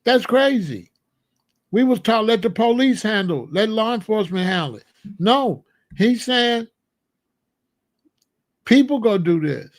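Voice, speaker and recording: A man hosting solo political commentary, talking emphatically and repeating incredulous rhetorical questions. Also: high voice. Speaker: commentary channel host.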